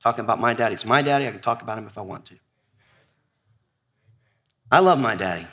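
Um homem pregando um sermão animado a uma congregação, alternando entre listas quase sussurradas e apelos em voz alta à plateia. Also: male voice, medium pitch, quick pace. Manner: animated preaching, drops to near-whisper on repeated lists, calls out to congregation. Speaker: pastor. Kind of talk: sermon. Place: church before a congregation.

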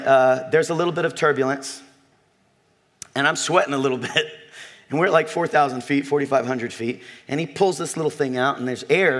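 This medium-pitched pastor preaches to a congregation in an animated, humorous way, weaving in a story and speaking directly to his listeners.

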